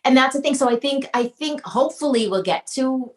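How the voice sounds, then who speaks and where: A woman hosts an interview, speaking thoughtfully and in agreement with her guest. Her voice sits fairly high. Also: expressive, fairly quick. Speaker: interview host. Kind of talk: conversational interview.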